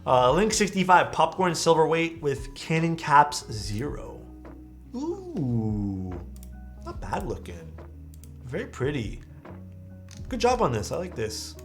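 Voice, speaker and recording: Easygoing male streamer with lively pitch. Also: a little slow, soft background music. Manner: enthusiastic, easygoing, lots of praise. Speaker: streamer reviewing viewers' keyboard photos. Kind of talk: casual live-stream commentary.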